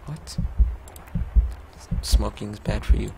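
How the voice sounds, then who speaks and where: Young guy commentating a story game, slow and kinda jokey, low voice. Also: vocal fry, warm tone, slight background noise. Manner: joking, reads game text aloud. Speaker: gamer. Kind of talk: let's play commentary.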